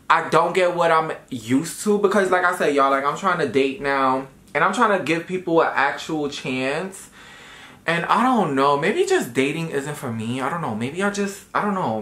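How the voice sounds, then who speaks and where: A young man chats through a storytime vlog, his pitch leaping up and down as he dramatizes every moment. He swears freely and strings his sentences together with "like." The sound carries a noticeable room echo. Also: fairly bright tone. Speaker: vlogger. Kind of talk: casual storytime chat while doing makeup. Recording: echoey room.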